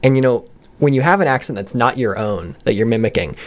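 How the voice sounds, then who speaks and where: A man's voice: mid-range voice, expressive, fairly quick. A young man and student actor musing thoughtfully in a radio studio interview, with a rambling way of talking. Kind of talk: casual interview chat.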